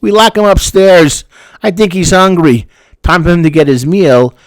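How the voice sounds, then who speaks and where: A man voicing a father who casually admits he keeps a relative locked upstairs, in a high, eerie, matter-of-fact tone. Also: moderate pace, no room sound. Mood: creepy.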